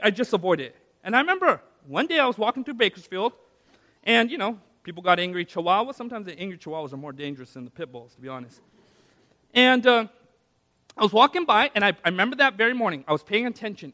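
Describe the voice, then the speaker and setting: A man preaching a sermon in a church, telling a personal story in a conversational way with asides to the audience, then slowing down to press key words for emphasis. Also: sits high, expressive, pushed and bright, long reverb tail. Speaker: pastor. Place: church sanctuary.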